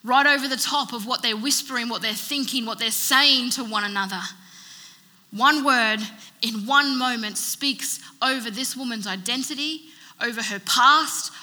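A woman's voice: a little high, pushed and bright. A woman preacher giving a sermon in an emphatic style, building her points through rhythmic repetition. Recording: long reverb of a large hall.

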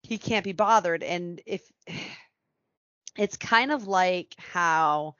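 A woman chatting casually as a podcast co-host, laughing often and slipping into quick character asides. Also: on the low side, a bit bright, dry recording, dull audio. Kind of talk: casual fan chat.

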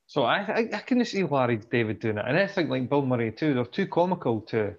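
A man's voice: mid-range voice, big pitch swings, brisk, muffled recording. A man, co-hosting a podcast, chatty and reading out film trivia. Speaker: podcast co-host. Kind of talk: casual chat.

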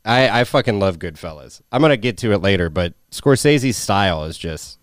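Male podcast co-host, low voice, dry close mic, easygoing and foul-mouthed. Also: lively intonation, normal speed, no room sound. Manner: laid-back, swears casually. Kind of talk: casual movie podcast chat.

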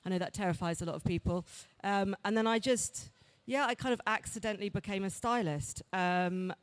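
Woman, panel speaker, halting, thoughtful, lots of ums. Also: medium pitch. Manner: thoughtful, many fillers. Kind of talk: panel talk.

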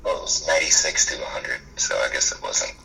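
A man's voice: very deep voice, lively intonation, brisk, creaky, sharp tone, slight background noise, low-quality recording. A man co-hosting a casual sports chat, giving dry, brief remarks. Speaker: co-host.

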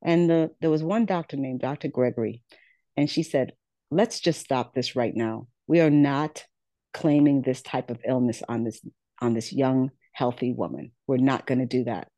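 A woman's voice: extremely low pitch, normal speed, warm tone, dry recording. A middle-aged woman, a podcast guest, telling her life story earnestly, repeating words and acting out what others said to her. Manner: earnest, repeats words, acts out quoted dialogue. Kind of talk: personal storytelling in an interview.

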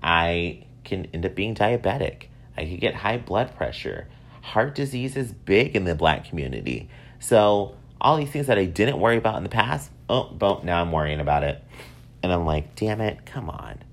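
A man in his thirties from upstate New York, telling self-mocking stories in a casual, animated way. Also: moderate pace. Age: 30s. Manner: animated, self-mocking, swings up high for acted quotes. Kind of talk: casual storytelling monologue.

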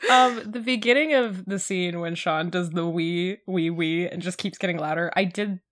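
A woman's voice: on the low side, normal speed. A young woman co-hosting a podcast, chatting casually in a rambling way with frequent laughter. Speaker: podcast co-host. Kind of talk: casual chat.

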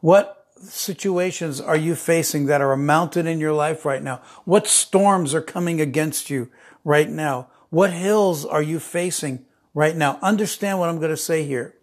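A middle-aged man delivers a sermon in a fairly high voice. He presses his points by repeating key phrases, then drops to a near-hush for the tender lines. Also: measured pace. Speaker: preacher.

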